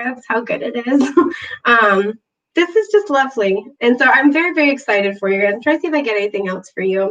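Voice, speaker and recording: A woman giving a casual tarot reading, bubbly and gushing, chatty with lots of fillers, clearing her throat from allergies. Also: fairly high pitch, fairly bright tone, far from the mic, lo-fi sound. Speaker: tarot reader. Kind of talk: casual spiritual reading to camera.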